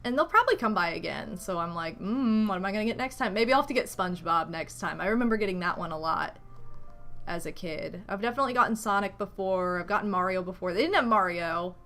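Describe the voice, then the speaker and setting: A woman in her thirties streams herself playing a video game, chatting casually, rambling and greeting viewers while talking around a retainer. Her fairly low voice is expressive, bright and forceful at a quick pace, with faint game music in the background.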